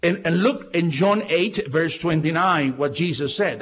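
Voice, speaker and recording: Husky, high-pitched preaching pastor. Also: male voice, big pitch swings, unhurried, fairly bright tone. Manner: emphatic preaching with rhetorical questions and repetition. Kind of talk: sermon. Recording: dull lo-fi recording.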